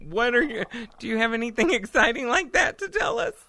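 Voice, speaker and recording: Animated, bright-voiced woman telling stories. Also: on the high side, brisk, vocal fry, no room sound. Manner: animated, laughing storyteller. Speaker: podcast co-host. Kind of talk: casual chat, storytelling.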